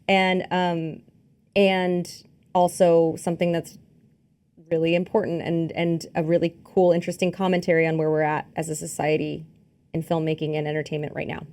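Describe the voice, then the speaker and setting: In casual film talk on a podcast she co-hosts, a woman with a low, darkish voice speaks at a normal speed in a level tone. Recorded in a studio filmed with two cameras, she tells lively stories full of fillers and performed quotes.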